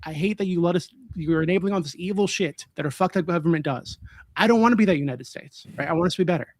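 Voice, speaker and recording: Combative debater, man, talks fast and high, interrupts constantly. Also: dry recording, studio quality. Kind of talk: heated live stream debate.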